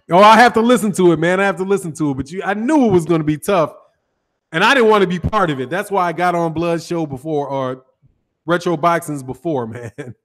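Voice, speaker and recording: This one sits on the high side, brisk and a bit bright. The North Side Chicago man, Chicago accent intact, hosts a boxing live stream, speaking loosely with slang and naming viewers from the chat.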